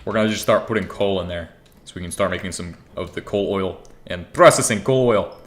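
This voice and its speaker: With a low voice and a fairly quick pace, a young streamer gives offhand commentary on his game. He talks to himself, wanders from thought to thought and swears freely over the sound of keyboard typing.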